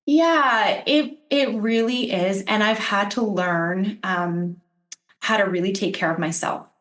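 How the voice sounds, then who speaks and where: Animated woman telling stories, roomy sound. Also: mid-range voice, slow pace. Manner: animated storytelling, acts out quotes. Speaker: podcast guest, intuitive healer. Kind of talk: casual conversation.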